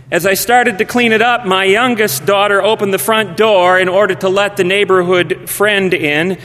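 Slow high-voiced man preaching in a hall. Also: slight background noise. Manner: measured, dropping to a hushed voice at phrase ends. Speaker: pastor. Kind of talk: sermon storytelling. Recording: long reverb of a large hall.

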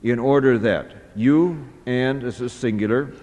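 A man teaching a scripture lesson, reading a text slowly line by line and pausing often with "uh". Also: mid-range voice, a little mellow, long reverb tail, dull audio. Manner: slow, deliberate, pausing often with "uh". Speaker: Hebrew Bible teacher.

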